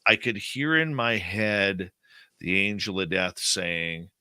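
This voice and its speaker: A man's voice: low voice, takes it slowly, clear, resonant tone, no room sound. A man telling a personal story as a guest in an interview, acting out what was said. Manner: animated personal storytelling, acts out quotes.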